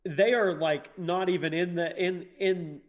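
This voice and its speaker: A man co-hosting a comedy podcast, telling quick anecdotes in a chatty way with restarts. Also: high-pitched, fairly even intonation. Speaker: podcast co-host. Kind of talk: casual comedy podcast chat.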